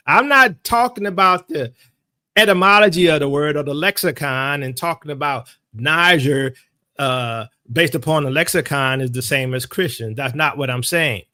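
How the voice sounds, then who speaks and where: A man's voice: on the high side, moderate pace, pushed and bright, dry recording, clean studio sound. A man teaching in a sermon style, emphatic and insistent, repeating his key phrases for weight. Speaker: Bible teacher.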